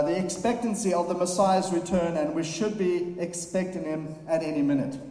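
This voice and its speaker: A man preaching a sermon, reading scripture aloud at an unhurried pace with filler pauses. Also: high-pitched, dark tone. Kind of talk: sermon summary. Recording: very echoey hall.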